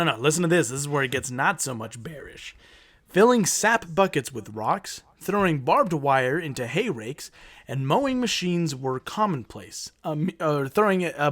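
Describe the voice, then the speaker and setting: A man hosting a casual podcast, reading strange local history aloud, tripping over words and swearing. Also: on the high side. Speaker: podcast host.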